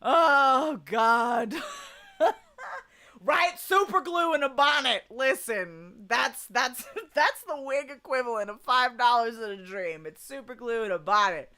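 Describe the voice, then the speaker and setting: Southern gal streaming, laughs a ton, bright bouncy voice but takes her time. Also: fairly high pitch, slow pace. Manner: laughs often, animated, swears freely. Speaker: streamer chatting with her chat. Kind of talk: casual live-stream chat.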